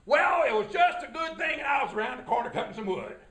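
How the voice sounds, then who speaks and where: A man plays a rough, boastful woodcutter who is blunt and folksy and often loud. His voice is bright and forceful, and it echoes around the room. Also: very high-pitched, sing-song, brisk, heavily acted.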